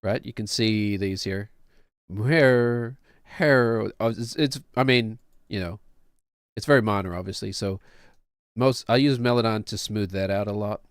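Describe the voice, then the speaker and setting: A man's voice: on the low side, moderate pace, no room sound, clean studio sound. A man in his late thirties, a streamer explaining his own music production in a casual, rambling, self-deprecating way and laughing often. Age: late 30s.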